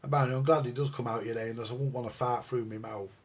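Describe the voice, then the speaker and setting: Here the older man talks fast in a husky, mid-range voice with a steady tone. He's a record collector rambling crudely and jokily on a live stream about records and radios, calling his viewers "guys."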